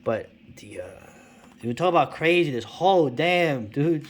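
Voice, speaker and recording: A man's voice: on the high side, expressive, unhurried, slight background noise. Rambling middle-aged man chatting about comics. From New York City. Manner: rambling, chuckling, full of fillers and asides. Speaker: comics video host. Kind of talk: casual rambling commentary.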